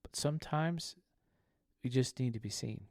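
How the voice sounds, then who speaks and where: A man's voice: mid-range voice, normal speed, darkish tone, no room sound, clean studio sound. A man co-hosting a podcast, telling a story in an earnest, conversational way. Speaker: podcast co-host. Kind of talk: casual chat.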